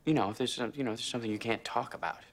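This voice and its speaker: An actor playing a young man who awkwardly tries to comfort a friend in a TV drama, halting and full of fillers. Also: mid-range voice, lightly acted. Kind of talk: TV drama dialogue.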